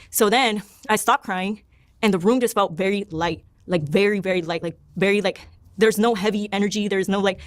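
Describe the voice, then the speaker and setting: Fast-talking woman telling her story. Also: medium pitch, dry recording. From Panama. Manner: rambling, heavy use of "like", self-quoting. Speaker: podcast guest. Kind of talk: personal testimony storytelling.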